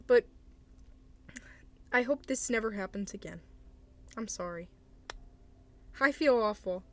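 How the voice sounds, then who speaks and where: A woman's voice: mid-range voice, expressive, slow pace, darkish tone. A young woman streamer giving casual advice to chat, hesitant and apologetic, with awkward laughs.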